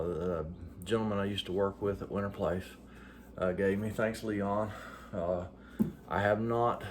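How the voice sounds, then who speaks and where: There's a slight hiss or hum as this middle-aged vlogger from West Virginia speaks in a low, somewhat mellow voice. His casual talk to viewers is folksy and joking, full of fillers.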